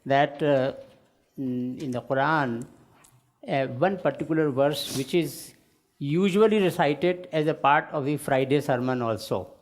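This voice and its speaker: A man giving a measured explanation in a dialogue, with occasional fillers. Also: medium pitch. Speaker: youth leader. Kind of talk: dialogue contribution.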